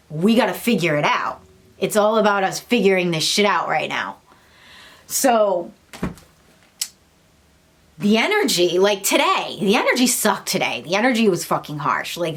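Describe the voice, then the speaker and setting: A woman's voice: fairly low pitch, fairly bright tone. A young woman talking casually about spiritual awakening to her viewers, blunt and full of swearing, sometimes acting out the voices of others. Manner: blunt, swears freely, laughs, acts out quoted voices. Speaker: spiritual vlogger. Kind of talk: casual spiritual talk to camera.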